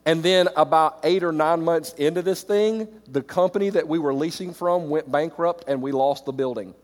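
A middle-aged man preaches to church leaders in an animated way, jumping from loud exclamations to quiet, reflective passages. His voice sits a little high for a man. The sound carries a long reverb, as in a large auditorium. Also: moderate pace. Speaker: pastor. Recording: reverberant hall.

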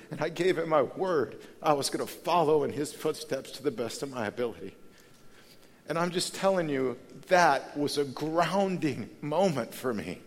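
A man preaching at a conference, candid and conversational, moving from hushed reflection to loud, animated storytelling. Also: fairly high pitch. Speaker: pastor. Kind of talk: conference sermon. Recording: long hall reverb.

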